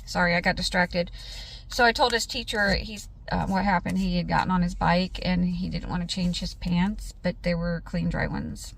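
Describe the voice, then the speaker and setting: A woman's voice: fairly low pitch, steady tone, normal speed, vocal fry. A woman vlogging in a chatty storytelling way, laughing often and acting out what was said. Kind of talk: casual vlog chat.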